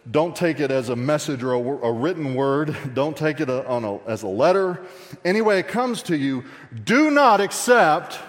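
A man preaching an expository sermon in a conversational way, joking with the congregation and swinging between loud emphasis and quiet asides. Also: mid-range voice, in a large hall. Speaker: pastor.

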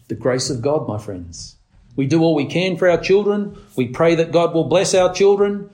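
A man preaching a sermon, leaning on words slowly for emphasis and climbing to urgent, raised passages. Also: expressive, a little mellow. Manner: preaching with slow emphatic stresses, rising to urgent highs.

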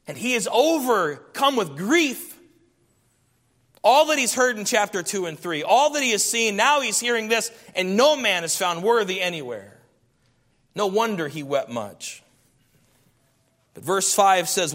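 A man's voice: sits high, animated, unhurried, a bit bright. A man preaching a sermon, reading scripture aloud and building emphatic lists of repeated phrases. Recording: long hall reverb.

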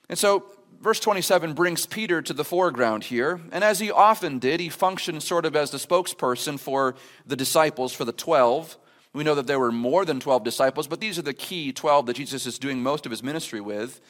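A man's voice: fairly high pitch, brisk, a bit bright. A man preaching a sermon as pastor at a church service, explaining scripture in an earnest, conversational way with emphatic rhetorical questions. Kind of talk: expository sermon.

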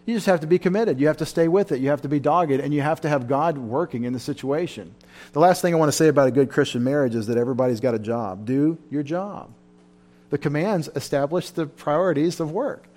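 Male pastor, sermon delivery, fervent and emotional, surges loud then drops low. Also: quick pace. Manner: fervent, emotional preaching with sudden loud rises. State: tired. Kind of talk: sermon at a Bible study.

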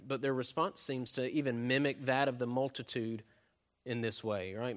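A man preaching a sermon, often tagging points with "right?" and swinging from loud emphasis to soft, quiet delivery. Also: mid-range voice. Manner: frequent tag questions "right?", swells louder then drops soft. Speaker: pastor.

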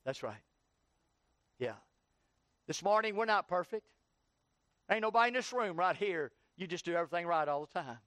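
High-voiced preaching pastor, dry sound. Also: male voice, expressive, moderate pace, pauses often, fairly bright tone, no echo. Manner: preaching with rising, heated questioning. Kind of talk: sermon. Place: church.

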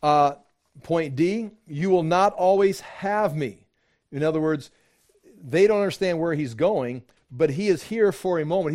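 A man preaching a sermon, teaching from scripture in a conversational, animated way, acting out quoted voices. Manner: animated, acts out quoted voices with rising pitch; conversational, with fillers and restarts. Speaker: pastor.

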